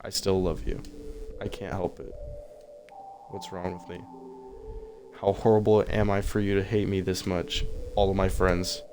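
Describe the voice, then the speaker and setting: A man reading aloud the lines of a desperate, lovesick teenage girl from a game, in a plain, flat voice. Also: low-pitched, measured pace, pauses often, soft background music. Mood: remorseful.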